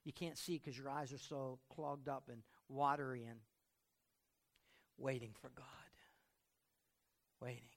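A middle-aged man preaching a sermon as pastor, telling stories with loud outbursts and quiet reflective stretches. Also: mid-range voice, flat delivery, unhurried, vocal fry, long pauses.

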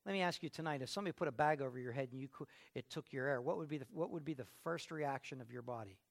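A middle-aged pastor preaching a sermon, emphatic, swinging from quiet asides to loud outbursts. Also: male voice, medium pitch, racing, gravelly.

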